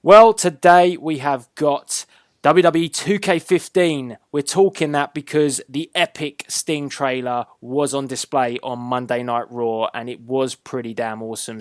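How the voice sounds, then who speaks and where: A man's voice: mid-range voice, no room sound. A man hosting a casual wrestling chat show, upbeat and teasing, drawing out his announcements. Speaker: host.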